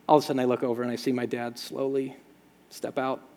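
Animated male preacher in a reverberant hall. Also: medium pitch, fast. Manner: animated storytelling with shouted sound effects. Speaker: pastor. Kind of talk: sermon.

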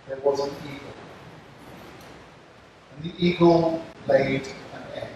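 An older man giving a measured speech to scouts at an outdoor campfire, telling a story with a moral. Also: medium pitch, noisy background. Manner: slow, measured, deliberate. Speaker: speaker addressing scouts. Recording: distant mic, echoey with long reverb.

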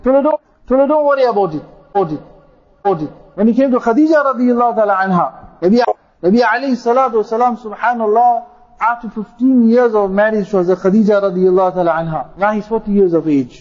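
A man's voice: high-pitched, fast talker, a little mellow, muffled recording. A man, a mufti, preaching a sermon, repeating phrases for emphasis and reciting Arabic quotations. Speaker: mufti giving a talk.

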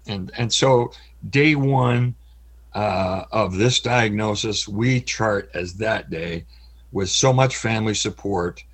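Middle-aged male interview guest, low husky voice, halting and heartfelt, voice prone to cracking. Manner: halting, earnest, pauses often. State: voice cracks with emotion. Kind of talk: candid personal interview.

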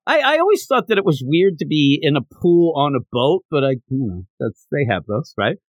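A man's voice: fairly high pitch, a little fast, dry recording, muffled recording. A man hosting a casual podcast, chatty and jokey as he recaps a story. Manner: chatty and jokey, recapping with lively quoted lines. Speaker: podcast host.

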